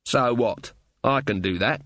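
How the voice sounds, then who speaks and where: A man voicing a slow-witted, literal-minded village man who catches on late. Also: mid-range voice, a bit bright, dry recording. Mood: blunt. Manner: slow, dim, grinning.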